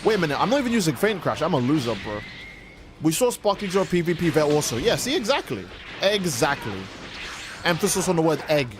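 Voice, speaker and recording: Chatty higher-voiced guy streaming games. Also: very animated, fast, music in the background. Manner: rambling, playful, reads out viewer messages. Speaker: livestreamer. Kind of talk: casual livestream chat while gaming.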